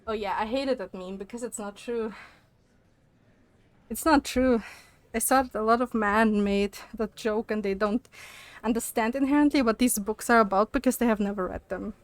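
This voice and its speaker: Young woman streamer kinda out of breath, walking while talking, highish voice, dry mic. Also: normal speed, no room sound. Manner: animated, swearing, laughs often. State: slightly out of breath, on a walking pad. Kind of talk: casual chat with live chat.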